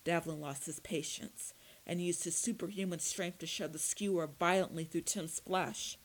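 A woman reading a dark fantasy story aloud in steady audiobook narration. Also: lowish voice, moderate pace, poor audio.

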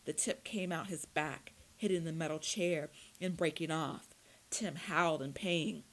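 A woman narrates a gritty fantasy audiobook in an even, steady reading. Her voice sits a bit low for a woman. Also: a little slow, low-quality recording.

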